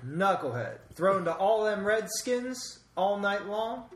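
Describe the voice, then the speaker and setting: A man's voice: high voice, lively intonation, takes it slowly, echoey room, a crowd in the background. A man co-hosting a casual sports podcast, making dry, self-mocking remarks. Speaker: podcast co-host. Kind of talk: casual chat.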